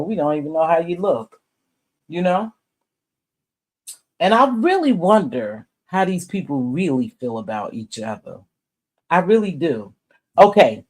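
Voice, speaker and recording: A woman's voice: low voice, a little mellow. A woman hosting a live stream, giving casual commentary in a blunt, profane, chatty way and greeting viewers by name.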